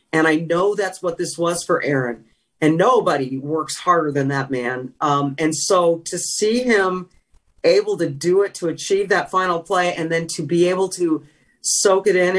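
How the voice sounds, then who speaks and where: A woman's voice: fairly low pitch, slightly rough, far from the mic. A woman in a conversational interview, a former sideline reporter, telling reflective and emotional stories. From California. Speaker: guest, retired sideline reporter.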